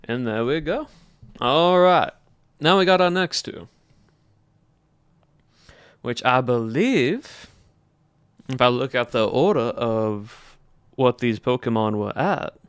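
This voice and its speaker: A man's voice: medium pitch, expressive, takes it slowly, pauses often, clean tone. Male streamer with a Southern drawl, chatty and musing aloud, clean close sound with no room echo. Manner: chatty, thinking aloud while polling chat. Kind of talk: casual livestream chat with viewers.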